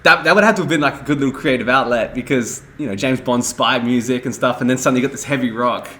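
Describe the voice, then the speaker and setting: A man's voice: mid-range voice, fast talker, sharp tone. A man hosting a podcast, asking a long, meandering question in a casual way. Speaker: podcast host. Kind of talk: casual interview.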